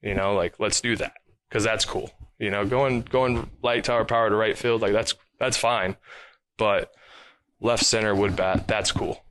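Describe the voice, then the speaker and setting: A man's voice: on the low side, steady tone, measured pace. A man chatting casually as an interview guest, recounting stories with many fillers. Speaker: professional baseball player, guest.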